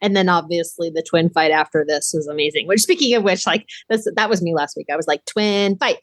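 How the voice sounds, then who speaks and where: A woman co-hosting a podcast in casual chat, recapping scenes animatedly with many quick affirmations. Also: lowish voice. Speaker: podcast co-host.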